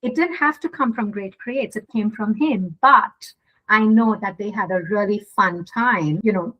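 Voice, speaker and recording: A woman guest in a casual interview, telling a story in a lively way. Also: mid-range voice, a little slow, muffled recording. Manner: animated storyteller, acts out quotes. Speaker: guest, gifting studio owner.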